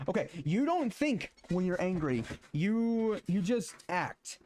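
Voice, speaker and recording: His voice is high, a little mellow, and swings widely in pitch as he streams, first chatting casually and then reading scripture haltingly with many filler sounds and restarts.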